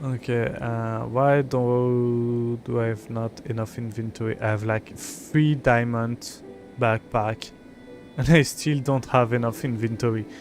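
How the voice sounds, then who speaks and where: A man's voice: medium pitch, fairly even intonation, a little slow, faint music behind. A young man, an English speaker, chatting frustratedly and swearing on a live game stream. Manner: frustrated, swearing, muttering to himself. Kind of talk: live gameplay stream chat.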